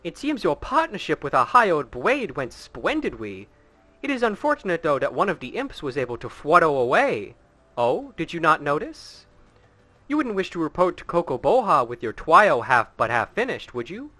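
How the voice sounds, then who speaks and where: A fussy, lisping guild official, put on by a man reading game lines aloud. The voice is high and cartoonish and swoops all over, and it comes across bright. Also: very animated, moderate pace, no echo, heavily acted.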